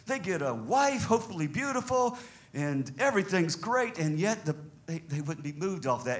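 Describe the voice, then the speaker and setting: A man with a Southern American accent, preaching a sermon as pastor in an animated way, chuckling between points. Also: fairly high pitch, moderate pace. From Southern United States.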